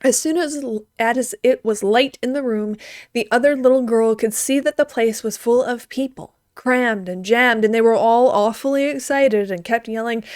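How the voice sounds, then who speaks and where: A woman reading a story aloud in a gentle, expressive way. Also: on the high side, moderate pace, no echo, studio quality.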